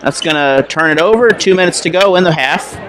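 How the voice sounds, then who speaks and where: A man's voice: on the high side, brisk. Chatty man calling a basketball game. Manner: casual, chatty, self-correcting. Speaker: play-by-play announcer. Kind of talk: high school basketball commentary. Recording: noisy gym recording.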